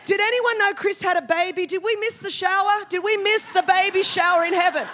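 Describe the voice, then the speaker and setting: A woman's voice: very high-pitched, fairly even intonation, fairly quick, a bit bright, pitched above the performer's own voice. A woman voicing God as a wry, exasperated male deity with sarcastic, mock-bewildered remarks, told within a sermon.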